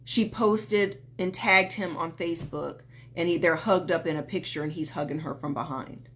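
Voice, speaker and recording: A woman's voice: sits low, moderate pace, a bit bright. A woman dating coach talking on a live stream, earnest and emphatic, greeting viewers as they join.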